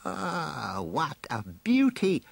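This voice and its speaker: Gloating evil skeleton overlord, as a man reads him, slow sly muttering, high and swooping. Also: wildly swooping pitch, creaky, husky, no room sound, heavily acted. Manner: sly, drawn-out villainous muttering. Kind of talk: storybook reading.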